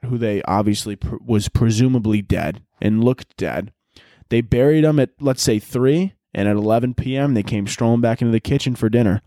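A man hosting a podcast alone, rambling through a crude comedic monologue and jumping into loud shouted bits. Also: mid-range voice, dry recording, clean studio sound. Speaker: podcast host.

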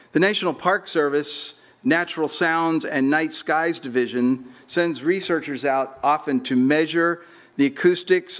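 A man preaching a sermon as a pastor, slowing down and pausing for emphasis and building to emphatic peaks. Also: a little high.

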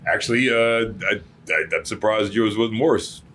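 A man's voice: fairly low pitch, normal speed, fairly bright tone, slight background noise. A man co-hosting a podcast, teasing his partner and laughing through profane jokes. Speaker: podcast co-host. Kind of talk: casual comedic chat.

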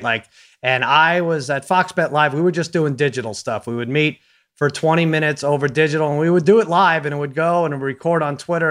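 A man with a notably high voice co-hosts a casual sports chat. He is animated and likes to act out what people said. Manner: animated, acts out quotes. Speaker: podcast co-host.

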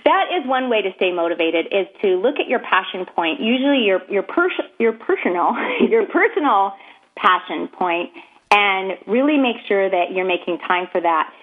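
A woman co-hosting a casual chat, playful and quick with jokes. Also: mid-range voice, lively intonation. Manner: playful, laughs often, quick asides. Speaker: podcast co-host. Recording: tinny phone-line sound.

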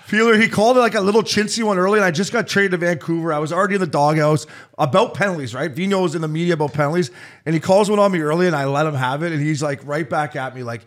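A man, a former hockey player, telling profane stories in casual podcast chat. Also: a little high. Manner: fast, profane, animated storytelling.

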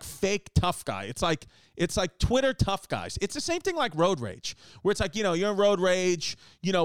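A man hosting a casual comedy show from his living room, rambling and joking with quick asides. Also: sits high, clear, resonant tone, dry recording. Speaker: podcast host.

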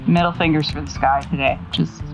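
A woman's voice: low-pitched, steady tone, brisk, music in the background. A woman voice actor joking and laughing with castmates during outtakes on a recording set. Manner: playful, laughing. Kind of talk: casual banter during outtakes.

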